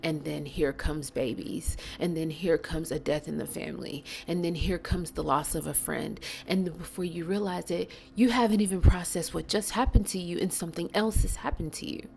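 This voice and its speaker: A woman giving a blunt, earnest and emotional spiritual monologue, stressing slow words and sometimes dropping to a whisper. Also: fairly low pitch, steady tone, gravelly, a little mellow. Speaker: spiritual channel host.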